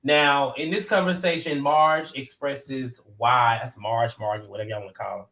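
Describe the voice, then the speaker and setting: A man hosting a live panel, casually recapping a reality episode, animated and often laughing as he acts out what people said. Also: mid-range voice. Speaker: show host recapping episode.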